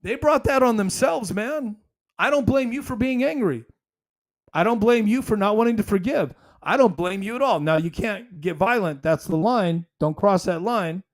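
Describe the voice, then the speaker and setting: A man's voice: sits high, expressive, moderate pace. A man hosting a solo commentary podcast, talking emphatically in a rambling, conversational way. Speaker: podcast host.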